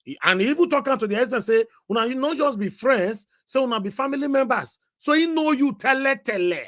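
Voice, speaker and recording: A man's voice: very high-pitched, lively intonation, a little fast, fairly bright tone, no echo, studio quality. A man with a Nigerian accent hosting a live stream, talking conversationally and switching into Pidgin. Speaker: host.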